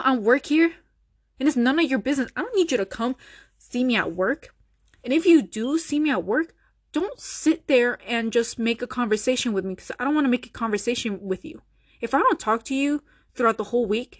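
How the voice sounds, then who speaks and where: A woman's voice: a little high, dry recording, clean studio sound. A young woman hosting her own podcast, ranting bluntly and sarcastically with lots of swearing. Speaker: podcast host. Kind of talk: solo podcast rant.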